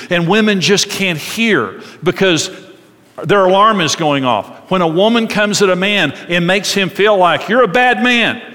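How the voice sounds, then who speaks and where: A middle-aged married man preaching earnestly, dropping soft and low when voicing tender words to a spouse. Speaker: pastor. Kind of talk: sermon. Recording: long hall reverb.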